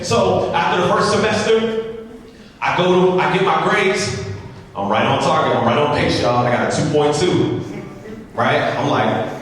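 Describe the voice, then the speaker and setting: Man speaker, joking storyteller, higher voice, echoey distant hall. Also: normal speed, a bit bright, a little hiss or hum. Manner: humorous, repetitive, addresses the crowd directly. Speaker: motivational speaker. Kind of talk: storytelling speech to an audience.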